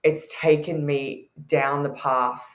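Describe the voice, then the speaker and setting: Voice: mid-range voice, little pitch movement, slow pace, echoey room. A podcast guest who teaches intuition, telling candid stories with frequent laughter in a conversational way.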